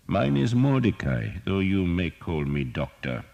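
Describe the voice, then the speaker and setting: A man voicing a cheerful, sardonic old male doctor who teases slowly and deliberately. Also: sits low, lively intonation, a little mellow, lo-fi sound. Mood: wry. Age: older. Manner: wry, teasing, slow and deliberate.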